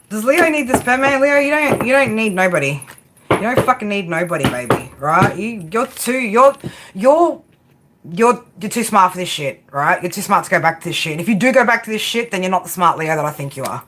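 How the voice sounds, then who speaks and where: A woman's voice: mid-range voice, moderate pace. Blunt, swearing woman tarot reader. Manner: blunt, swearing, animated, repeats "right?". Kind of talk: casual tarot reading. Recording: noisy room with clicks and jangling.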